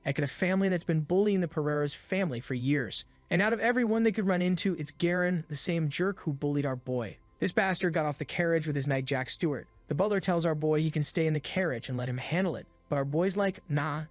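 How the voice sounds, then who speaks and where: A man's voice: fairly high pitch, quick pace, few pauses, dry recording. A man narrating a comic story recap in a laid-back, slangy, wry way.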